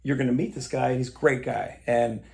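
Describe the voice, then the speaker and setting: A man as a podcast guest, telling stories in a casual, animated way and acting out the dialogue. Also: mid-range voice, a little fast, vocal fry. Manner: animated storyteller, acts out quoted dialogue. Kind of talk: casual storytelling chat.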